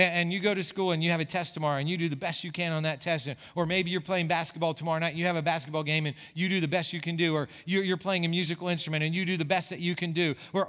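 A male pastor with a fairly high voice delivers an earnest sermon and often repeats words as he builds to a point. His voice rings out in a church hall with a long reverb tail. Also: a bit bright. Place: church sanctuary.

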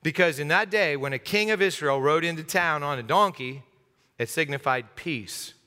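A male pastor preaching a sermon, telling the story with lively humor and acting out the scenes for his listeners. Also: a little high, moderate pace, big-room sound.

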